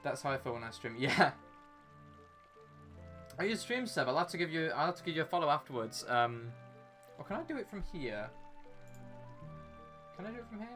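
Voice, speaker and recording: Bright-voiced chatty streamer. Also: male voice, a little high, very animated, fairly quick, long pauses, faint music behind. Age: young adult. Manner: chatty, rambling, talks to chat and game character. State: sniffly, runny nose. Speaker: game streamer. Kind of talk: casual live-stream chat.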